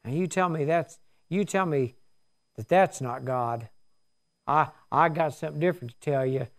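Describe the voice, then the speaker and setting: A man's voice: on the high side, moderate pace. A man in his sixties preaching a sermon, telling his story in a folksy, earnest way. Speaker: pastor.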